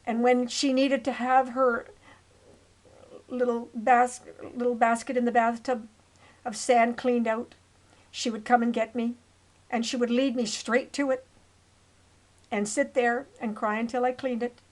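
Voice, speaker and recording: A woman's voice: fairly high pitch, little pitch movement, a little slow, pauses often, low-quality recording. A woman in her seventies tells her own life story over old photos, earnest and rambling, with restarts and asides. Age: 70s.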